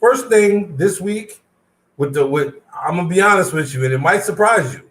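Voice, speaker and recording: High-voiced man co-hosting in an echoey room. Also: animated, moderate pace, a bit bright. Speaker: co-host. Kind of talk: casual podcast chat.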